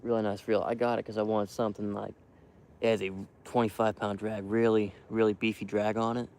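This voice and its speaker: Low gravelly hushed man outdoors. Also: flat delivery, fairly quick. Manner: hushed, rambling, lots of fillers and restarts. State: cold. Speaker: hunting streamer. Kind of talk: quiet rambling live-stream chat. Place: outdoors in a windy field edge.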